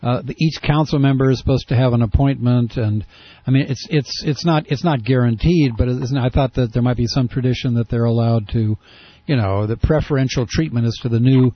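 A man's voice: medium pitch, a little fast, dry recording. A man hosting a radio show, asking questions in a casual, probing way with many restarts. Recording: dull, lo-fi radio audio.

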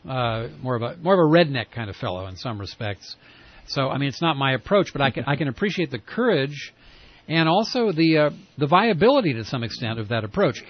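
Rambling man hosting a lo-fi talk show. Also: mid-range voice. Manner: rambling, halting, with many restarts. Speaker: talk radio host. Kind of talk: casual conversational interview.

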